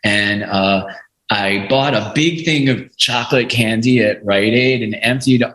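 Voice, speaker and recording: A man's voice: lowish voice, measured pace. Man telling stories in an echoey room. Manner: animated, swears freely, acts out quotes. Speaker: podcast guest, music lawyer. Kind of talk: casual storytelling.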